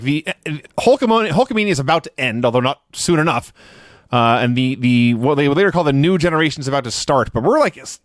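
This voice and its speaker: A man's voice: a little high, no echo, clean studio sound. A man co-hosting a podcast, chatting casually and rambling with restarts and chuckles. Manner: rambling, restarts, chuckles at his own jokes. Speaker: podcast co-host reviewing wrestling shows. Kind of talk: casual chat.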